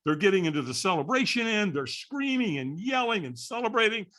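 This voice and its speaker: An older man in his sixties tells his story with a bright, forward voice. His pitch swings widely as he acts out other people's lines and keeps checking in with "right?" He is a podcast guest. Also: brisk. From California. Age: 60s. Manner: lively storyteller acting out voices, frequent "right?". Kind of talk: animated storytelling.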